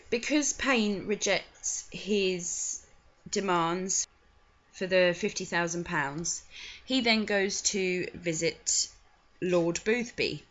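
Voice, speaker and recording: Slow-talking woman commenting casually. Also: lowish voice, a bit bright. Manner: frank, chatty, disgusted asides. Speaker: video commentator. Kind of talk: casual spoken commentary on film clips. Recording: dull lo-fi recording.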